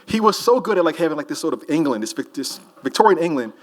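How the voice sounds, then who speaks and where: This is a man who speaks in a somewhat high voice. He answers audience questions in a relaxed way, wandering through his thoughts and tossing jokes to the room. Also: quick pace. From New Orleans. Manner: loose, rambling, joking with the crowd. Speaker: author on a festival panel. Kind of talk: casual audience Q&A. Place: festival hall with a live audience.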